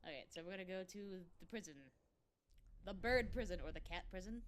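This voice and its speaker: A woman's voice: mid-range voice, a little fast. An American woman reading a game aloud and joking through let's play commentary. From United States. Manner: joking and playful. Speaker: let's player.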